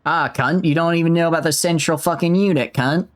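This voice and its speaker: A man voicing a foul-mouthed, gruff male game character in an exaggerated mock Australian accent, swearing constantly. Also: a little high, steady tone, brisk, voice pushed up, lightly acted.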